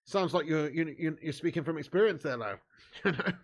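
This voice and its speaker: Chatty man, slightly high voice. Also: brisk. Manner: reads viewer comments aloud and jokes back. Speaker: watch-along host. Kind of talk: live-stream chat banter.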